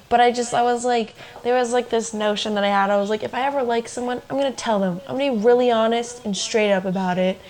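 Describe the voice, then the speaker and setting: Chatty young woman, higher voice. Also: a little mellow, slight background noise, rough recording. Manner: chatty, lots of "like", laughing asides. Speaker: podcast co-host. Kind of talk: casual storytelling chat.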